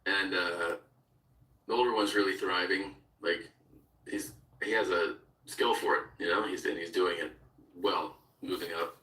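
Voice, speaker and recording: A low-voiced man in his thirties tells stories in a casual podcast chat, laughing often and putting on quoted voices. His tone is bright and forceful. The sound is roomy and a little off mic, with faint background noise. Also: steady tone, a little slow, recorded from a distance. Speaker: guest.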